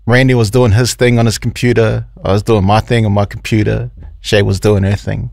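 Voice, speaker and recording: A man co-hosting a radio show from a studio, telling stories in animated, casual banter. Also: brisk, gravelly, no room sound. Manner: animated storyteller, mimics others in a high voice. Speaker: radio co-host. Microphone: studio microphone.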